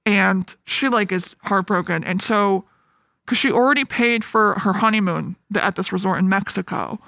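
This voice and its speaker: Bright young woman, chatty recap. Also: medium pitch, moderate pace, vocal fry, no echo. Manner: chatty, quotes characters, frequent agreeing fillers. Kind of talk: casual chat recapping a show.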